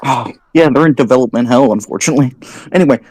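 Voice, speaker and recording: A man telling animated gaming anecdotes in casual chat, swearing often. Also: mid-range voice, quick pace, breathy edge, no echo.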